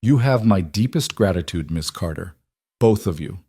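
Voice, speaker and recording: A man reading the lines of a dignified elderly Italian woman with a formal, measured manner and an Italian accent. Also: sits low, lively intonation, mellow, husky, no room sound, studio quality, full character voice. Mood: gracious.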